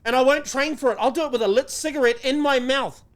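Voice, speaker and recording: A New man with a fairly high voice rants his way through casual podcast banter. He is sarcastic and swears a lot, and his indignation is played half for laughs. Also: fast talker. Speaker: podcast co-host.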